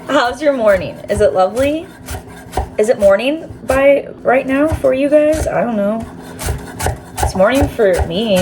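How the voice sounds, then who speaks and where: A woman's voice: a little high, lively intonation, a little slow, darkish tone, a little hiss or hum. A woman cooking in her home kitchen and chatting casually to viewers, giggly and swearing offhandedly. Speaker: cooking vlogger.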